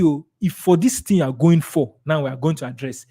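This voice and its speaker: A man's voice: fairly high pitch, fairly quick, few pauses, warm tone. A man with a Nigerian accent leading a sales training webinar, emphatic and repeating his key points.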